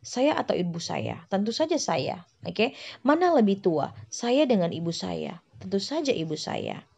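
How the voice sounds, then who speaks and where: A woman's voice: mid-range voice, very animated, normal speed, gravelly, darkish tone, breathy edge. A woman with an Indonesian accent teaching a grammar lesson, explaining patiently and repeating herself, often checking with "okay" and "yeah". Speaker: English teacher. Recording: dull lo-fi recording.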